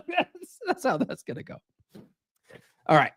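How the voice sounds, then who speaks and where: A man's voice: extremely high pitch, huge pitch swings, takes it slowly, fairly bright tone, breathy edge, no echo. A man hosting a live stream in a casual, profane monologue that keeps checking in with "right?". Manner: casual and profane, peppered with "right?" tag questions.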